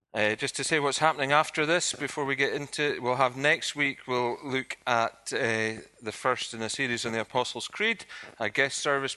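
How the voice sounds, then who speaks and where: A man preaching to his congregation, with a bright, forceful tone at an ordinary middle pitch. He keeps turning to the listeners with direct, searching questions. This is a sermon from a church service. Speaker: pastor.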